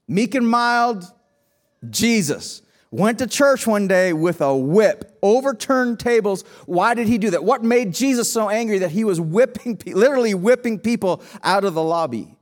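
A man's voice: sits high, expressive, moderate pace, few pauses, a little mellow. A man preaching a sermon as pastor, emphatic, asking rhetorical questions and often restarting his phrases.

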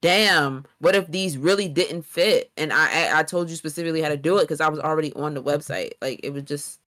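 A woman's voice: low voice, fairly quick, a bit bright. A woman co-hosting a casual couples podcast. She talks through her side in detail and insists on her point, restarting her sentences often. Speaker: podcast co-host. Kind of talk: casual chat.

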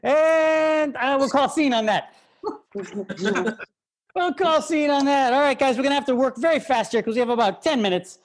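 A woman hosting an improv comedy podcast, running the scene and setting up the games. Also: high-pitched. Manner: running the scene, quick asides. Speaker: host.

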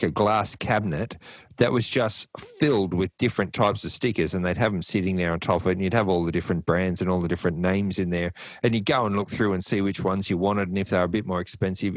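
A man co-hosting a podcast, with relaxed, joking banter. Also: sits low, no room sound. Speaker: podcast co-host. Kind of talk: casual chat.

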